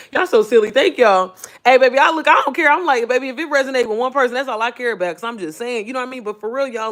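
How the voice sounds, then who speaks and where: Animated, swearing motivational woman. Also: fairly high pitch. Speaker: online business coach. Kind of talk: casual livestream talk.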